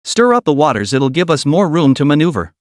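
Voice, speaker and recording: A man's voice: fairly high pitch, sing-song, a little fast, no echo, clean studio sound. A man voicing a jealous, domineering female sect leader who talks in a cold, sneering, commanding way.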